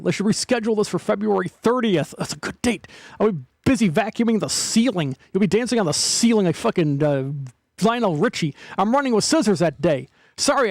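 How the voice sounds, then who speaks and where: A man's voice: high voice, gravelly, no echo, studio quality. A man hosting his own show, making sarcastic jokes while reading news headlines aloud. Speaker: show host. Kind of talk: casual commentary on news clips.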